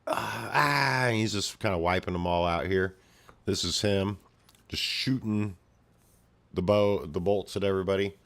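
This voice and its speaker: A man's voice: deep voice, a little slow, fairly bright tone. A man giving casual, rambling commentary while reading a comic aloud, making his own sound effects. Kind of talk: casual read-along commentary.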